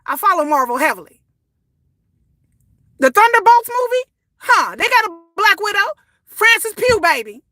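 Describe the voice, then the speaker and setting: A woman, ranting casually to her viewers, sassy and animated, swearing and repeating words as she goes. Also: extremely high pitch, moderate pace, long pauses, no echo. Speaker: commentary vlogger. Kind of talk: casual opinion rant.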